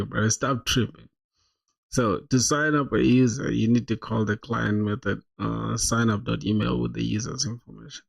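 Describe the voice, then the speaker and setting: Casual male streamer, gravelly voice, chatty, thinks aloud while he codes. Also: medium pitch, steady tone, normal speed. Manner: thinks aloud, laughs often, says "bro" a lot. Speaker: streamer coding live. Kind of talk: casual live-coding stream chat.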